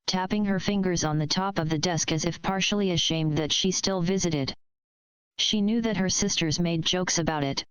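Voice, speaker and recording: Smooth, low-pitched woman storyteller. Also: no echo, rough recording. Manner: steady, measured storytelling. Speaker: story reader. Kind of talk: fanfiction read aloud.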